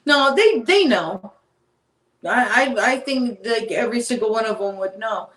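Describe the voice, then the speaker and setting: Woman ranting on a podcast, kinda high voice, roomy echo, sits back from the mic. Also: expressive, measured pace, fairly bright tone. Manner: emphatic, repeats herself, heated. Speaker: podcast guest. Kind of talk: casual podcast chat. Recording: echoey room, distant from mic.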